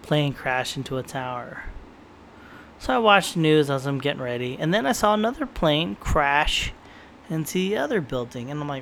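Rambling, profane man with a gravelly voice. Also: fairly high pitch, animated, moderate pace, fairly bright tone, a little hiss or hum. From San Diego area, United States. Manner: rambling and profane, tells stories with quoted inner thoughts. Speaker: podcaster. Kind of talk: casual monologue.

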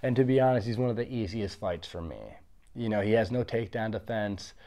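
A former fighter in his early thirties tells his story in an interview, bluntly, confidently and boastfully. His voice is lowish and warm, his pace brisk.

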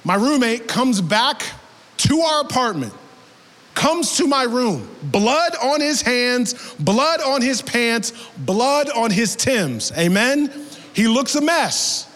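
A young man preaching a sermon as an animated storyteller, dropping his voice low for quoted people and rising to shouts. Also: slow pace. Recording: long hall reverb.

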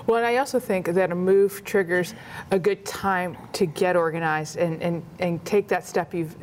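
A woman's voice: fairly low pitch, steady tone, normal speed, a little mellow, slight background noise. A woman hosting a casual interview, encouraging her guest and restating what the guest has said. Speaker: interview host.

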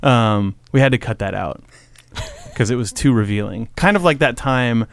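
A man's voice: mid-range voice, lively intonation, moderate pace, vocal fry. A man co-hosting a podcast in casual chat, joking in a mock-conspiratorial way. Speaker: podcast co-host.

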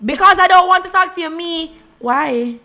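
A woman, co-hosting a casual chat and telling stories in an animated way, acting out what people said and laughing often. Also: very high voice, moderate pace. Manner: animated storytelling, laughs often, acts out quotes. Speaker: podcast co-host.

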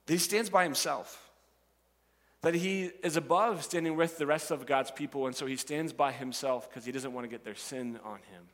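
A man preaching a sermon, animated and acting out the voices of the characters and the crowd. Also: a little high, moderate pace, big-room sound. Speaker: pastor.

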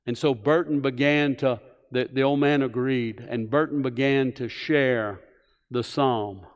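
Slow, earnest preacher in a reverberant hall. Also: male voice, mid-range voice, fairly even intonation, highs cut off. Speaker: pastor. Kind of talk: sermon. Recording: church hall with long reverb.

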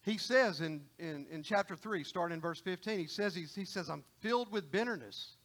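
A man's voice: on the high side, normal speed, fairly bright tone. A middle-aged man preaching a sermon in a folksy, conversational way, often repeating and restarting phrases.

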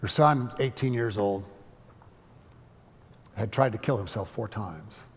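A man preaching a sermon through a story, earnest and halting, often restarting his words. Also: lowish voice, slightly rough, long reverb tail.

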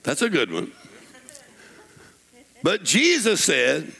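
A preacher man with a gravelly, rough edge and a bright, forceful tone. His pitch swings widely as he moves from laid-back storytelling to bold, shouted declarations. He is preaching to a church congregation. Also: very animated, normal speed. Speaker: pastor. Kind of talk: sermon. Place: church sanctuary.

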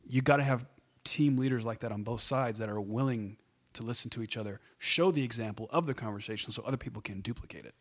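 A man in casual conversation, relaxed and laughing easily, sometimes groping for a name. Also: mid-range voice, fast talker.

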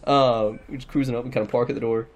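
A man's voice: mid-range voice, fairly even intonation, fast. A young man telling a long story in casual chat, rambling, laughing and swearing a lot.

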